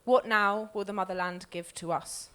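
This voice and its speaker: A woman who co-founded the group, reading poems aloud at a live event with measured, expressive delivery. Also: mid-range voice, clear, resonant tone.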